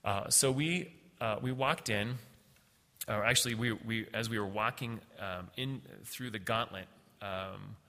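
Middle-aged man, gravelly and bright, halting storyteller with a long hall echo. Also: fairly low pitch. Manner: halting, many fillers and restarts. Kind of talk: personal storytelling.

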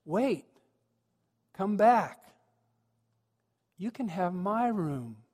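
A man voicing a big second-grade boy playing an innkeeper, with a soft, hesitant delivery. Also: fairly high pitch, steady tone, takes it slowly, in a large hall. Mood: eager.

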